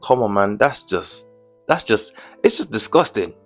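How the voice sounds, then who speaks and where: A man's voice: fairly low pitch, very animated, a little slow, faint music behind. A young man giving casual commentary as a vlogger, indignant and slangy, firing off rhetorical questions.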